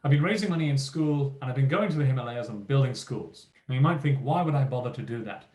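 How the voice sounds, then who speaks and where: A man's voice: medium pitch, fast talker, roomy sound. A man giving a motivational keynote talk to teachers, speaking emphatically and acting out what teachers and children say. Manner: lively, emphatic, acts out quoted teachers and children.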